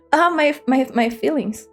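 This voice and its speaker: A young woman streaming a game, chatting casually and self-deprecating, with some swearing. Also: on the high side. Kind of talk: casual gaming stream chat. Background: game music.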